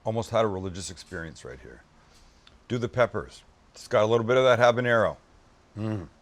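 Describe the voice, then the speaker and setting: A man's voice: lowish voice, lively intonation, a little fast. A man hosting a casual cooking show. He gushes over the food with exclamations and chats with his crew as he builds a dish. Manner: gushing, exclamatory praise of food; chatty asides to crew.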